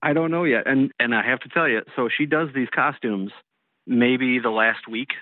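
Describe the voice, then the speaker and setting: A man's voice: medium pitch, normal speed, no echo. A man in his thirties from Illinois, talking on a radio show by phone in a laid-back, rambling way with frequent chuckles. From Illinois, USA. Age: 30s. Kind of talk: casual phone interview. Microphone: telephone. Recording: tinny phone line.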